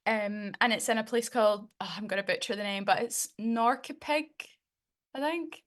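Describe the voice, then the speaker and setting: A woman's voice: mid-range voice, normal speed. A woman, a singer guest on a radio show, chatting in a playful way and laughing easily. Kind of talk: casual interview chat.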